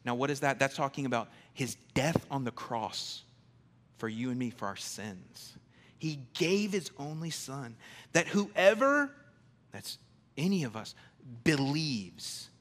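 A man preaching a sermon in a conversational, emphatic way, swinging from loud declarations to hushed, intimate lines. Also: mid-range voice, lively intonation, normal speed. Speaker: pastor.

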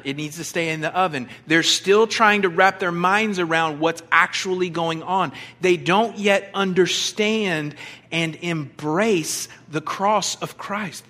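Preacher, male, bright and forceful tone, slightly high voice, casual, joking sermon delivery. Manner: conversational, with humor and fillers. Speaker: pastor.

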